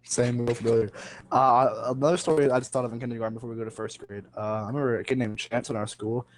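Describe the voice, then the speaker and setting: A man's voice: medium pitch, steady tone, fast talker. A young man co-hosting a podcast in casual chat, laughing easily and swearing loosely as he tells stories. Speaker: podcast co-host.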